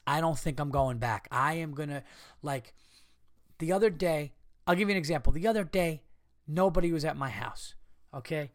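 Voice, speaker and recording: A fairly high-voiced American man in his thirties rants through a comedic podcast monologue, swearing freely and sounding exasperated. The sound is dry and close, with no room around him. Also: no room sound. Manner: profane, ranting, exasperated. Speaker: podcast host.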